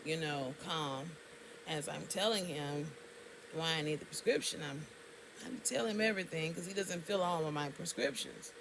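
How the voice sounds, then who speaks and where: A woman's voice: low voice, moderate pace, creaky, background noise. A woman tells a story to camera in a casual, indignant way, and her voice jumps up sharply on exclamations. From Alabama, US. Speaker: vlogger.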